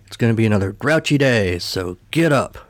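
A man's voice: on the low side, animated, brisk, no room sound, lightly acted. A man voicing a grumpy male trash-can grouch in a grumbling manner. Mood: grouchy.

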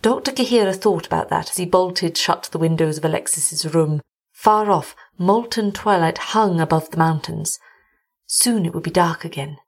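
A woman hosting a story show, reading a gothic tale aloud in a measured, deliberate narration. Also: fairly low pitch, breathy edge. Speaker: host and story reader.

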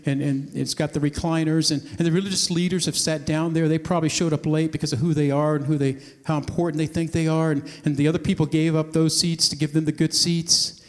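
A man with a high voice preaches to a congregation, telling a story and slipping into the voices of its characters as he goes. His words ring out with a long reverb, the sound of a large hall. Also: level tone, fast, few pauses. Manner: storytelling, acting out voices of the scene. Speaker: pastor. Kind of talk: sermon.

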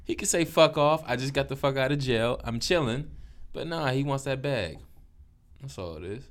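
A man's voice: mid-range voice, expressive, moderate pace. A man co-hosting a casual podcast, laid-back and slangy with dry wisecracks. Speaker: podcast co-host.

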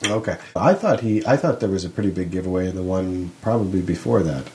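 A man's voice: low voice, expressive, fast, a little mellow, slight background noise. A man co-hosting a podcast in casual chat, hesitant and self-correcting with dry remarks. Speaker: podcast co-host.

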